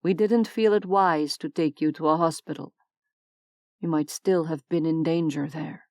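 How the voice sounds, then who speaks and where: A woman voicing a brooding male vampire who explains in a measured, soft way. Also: sits low, steady tone, dry recording, clean studio sound. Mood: calm.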